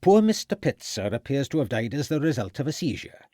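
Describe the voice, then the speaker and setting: A man's voice: mid-range voice, very animated, a little fast, warm tone, dry recording, studio quality, voice pushed up. A man voicing a pompous, long-serving town doctor with a pronounced Welsh accent who talks stiffly and self-importantly.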